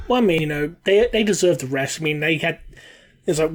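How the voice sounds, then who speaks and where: A man's voice: fairly high pitch, expressive, brisk. A man co-hosting a casual hobby podcast, talking in a dry, joking way. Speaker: podcast co-host.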